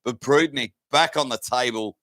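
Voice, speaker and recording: A man's voice: mid-range voice, normal speed, a bit bright, dry recording. An Australian man co-commentating a sports event in jokey, enthusiastic banter. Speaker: guest co-commentator. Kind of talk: casual sports commentary chat.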